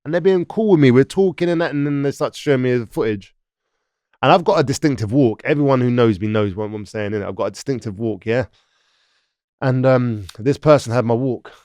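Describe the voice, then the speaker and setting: A man with a London accent tells his story in an interview, voicing the people around him as he goes. The recording is close and dry, with no room sound. His pitch sits in the middle range. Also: smooth, no room sound. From London, England. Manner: animated, acts out other people's lines. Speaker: interview guest.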